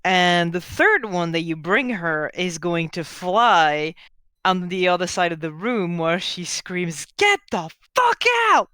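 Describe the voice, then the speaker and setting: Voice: medium pitch, slow, sharp tone, clean tone, no echo. A game master running a tabletop game, explaining how characters react at length.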